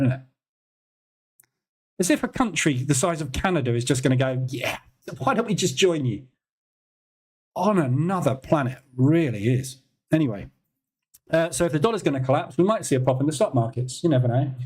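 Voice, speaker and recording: A man's voice: on the high side, expressive, normal speed, darkish tone. Chatty man commenting on markets. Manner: chatty, incredulous, laughs often. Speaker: trading stream host.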